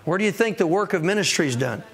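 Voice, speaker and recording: A man's voice: sits high, animated, fast talker, gravelly, fairly bright tone. A man preaching a sermon as pastor of a church, calling out to the congregation for answers and acting out people's excuses. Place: church sanctuary.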